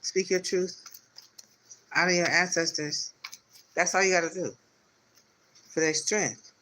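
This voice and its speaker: A man's voice: high-pitched, steady tone, measured pace, bright, forceful tone, a little hiss or hum, rough recording. A man giving a spiritual tarot reading on a live stream, talking in loose, repetitive, encouraging circles. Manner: rambling, repetitive, spiritual pep talk. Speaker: tarot reader.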